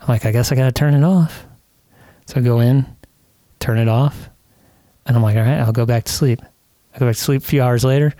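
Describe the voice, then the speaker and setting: A man's voice: medium pitch, fairly quick, long pauses, dark tone, no room sound. A man co-hosting a podcast who tells a story in casual chat, swearing often and laughing as he goes. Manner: profane, laughing while telling a story. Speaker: podcast co-host. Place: podcast studio.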